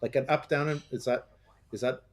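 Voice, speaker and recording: A man's voice: mid-range voice, steady tone, a little fast. A man co-hosting a teaching podcast, thinking aloud in a casual, hesitant way and acting out question intonation. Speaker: podcast co-host, English teacher. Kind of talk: casual discussion.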